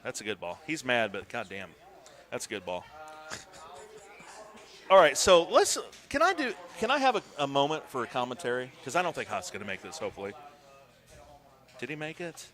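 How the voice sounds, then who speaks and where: A man doing casual live commentary on a golf video game tournament, swearing and breaking into shouts. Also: medium pitch, a little fast, long pauses. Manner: excitable, swears, bursts into shouts.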